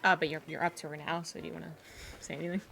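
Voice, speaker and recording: A woman running a tabletop horror game as game master, relaxed and often laughing. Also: low voice, rapid-fire, vocal fry, a little hiss or hum.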